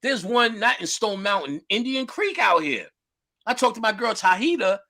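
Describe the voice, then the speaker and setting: A man lecturing on spirituality who drifts into animated, profane storytelling and acts out the people he quotes. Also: high-pitched, normal speed. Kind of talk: casual storytelling talk.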